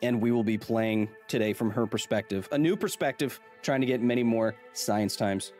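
A playful man hosting a live game stream, cracking jokes and chatting with his viewers. His voice sits at a middle pitch, and faint music plays underneath. He sounds casual and loose, like he's in his thirties. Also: normal speed, darkish tone. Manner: playful, jokey, reads chat aloud. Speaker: streamer, science communicator.

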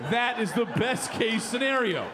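A man's voice: very high-pitched, animated, a little slow, background noise. A man performing a loose, rowdy stand-up comedy set in a comedy club, acting out quotes. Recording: comedy club with loud crowd laughter.

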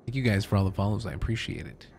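A man's voice: lowish voice, very fast, vocal fry, slight background noise. A young man streaming a game live, chatting, swearing a lot and yelping when startled. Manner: excitable, swears a lot, yelps in fright. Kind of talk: live gaming commentary.

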